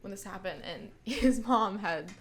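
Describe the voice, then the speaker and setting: A young woman speaks as a podcast guest in loose, casual chat. Her pitch sits mid-range for a woman. She strings thoughts together with frequent fillers and slides into giggly, animated storytelling. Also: unhurried, crowd noise. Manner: chatty, many fillers, bursts into laughing storytelling.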